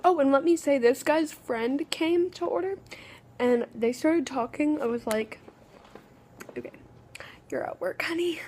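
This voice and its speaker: A woman's voice: sits high, a little slow, darkish tone, slight background noise. A woman, telling a rambling, exasperated story in a casual vlog. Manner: rambling, exasperated, full of "okay" restarts. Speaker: vlogger.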